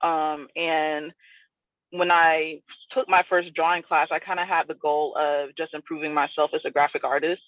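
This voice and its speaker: A South Florida woman, a guest artist in a casual interview, rambles loosely and fills her speech with "like" and "you know." Her voice is deep with little pitch movement, at a moderate pace. The recording is dry and tinny, like a phone line.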